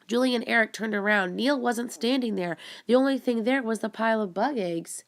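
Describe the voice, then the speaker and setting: Woman narrating a storybook, slight fry. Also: fairly high pitch, fairly quick. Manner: steady, expressive reading. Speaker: audiobook narrator.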